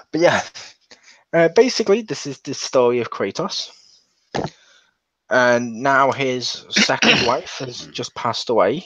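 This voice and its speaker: A man's voice: mid-range voice, a bit bright, dry recording. Rambling male game reviewer, dull lo-fi sound. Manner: rambling, with many restarts. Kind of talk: casual review chat.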